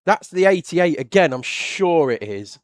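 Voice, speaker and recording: A man with an English accent doing live motorsport commentary, chatty and quick to react loudly when something happens on track. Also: medium pitch, lively intonation, no room sound, clean studio sound. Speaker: race commentator.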